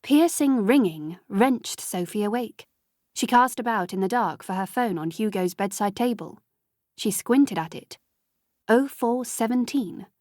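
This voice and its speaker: A woman reading an audiobook as narrator, in measured, even storytelling. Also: medium pitch, no echo, studio quality. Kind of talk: scripted narration.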